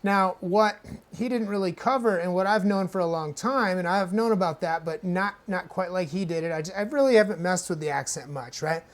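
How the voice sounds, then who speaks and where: A man's voice: sits high, brisk. A man hosting a casual hardware music tutorial, talking in a loose, chatty way and often checking in with "right?".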